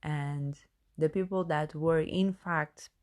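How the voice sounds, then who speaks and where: Slow, dark-voiced woman coach, hesitant. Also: low-pitched, steady tone. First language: not English. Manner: hesitant, many fillers and restarts. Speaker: podcast host and coach. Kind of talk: casual self-help monologue.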